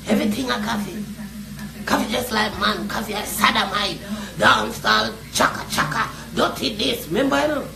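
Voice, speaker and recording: Rowdy high-pitched Jamaican woman mocking loudly. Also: moderate pace, gravelly, noisy background. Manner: mocking, boisterous, sings and chants taunts. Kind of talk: ranting commentary in patois. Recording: echoey room with loud music behind.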